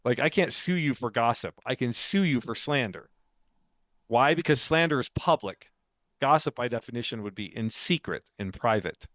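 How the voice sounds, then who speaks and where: A man's voice: medium pitch, lively intonation, moderate pace, a bit bright, no room sound. Man, podcast co-host, casual explanatory chat, laughs often, dry close sound.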